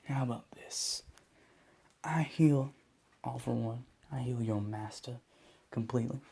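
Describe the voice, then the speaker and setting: A man's voice: mid-range voice, a little slow, vocal fry, dark tone, slightly rough, pitched above the performer's own voice, full character voice. A man voicing a smug teenage boy with demonic deal-making powers, speaking in a taunting, mocking way. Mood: scheming.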